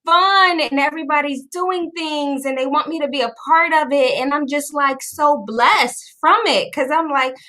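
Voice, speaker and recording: A woman host chatting casually on a video call, bubbly and animated, laughing often as she tells stories. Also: high voice, normal speed, hardly any pauses. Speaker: podcast host.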